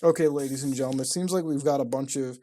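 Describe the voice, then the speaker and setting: Excitable, profane male web-browsing host. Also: medium pitch, fast talker. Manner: profane, excitable, mock-outraged, laughing. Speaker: online video host. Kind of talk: casual commentary while browsing websites.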